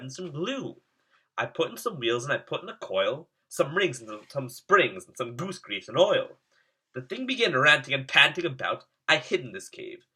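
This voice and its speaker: A man voicing a harmless, timid little old inventor in a storybook, speaking softly and fretfully. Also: mid-range voice, husky, heavily acted. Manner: soft and fretful.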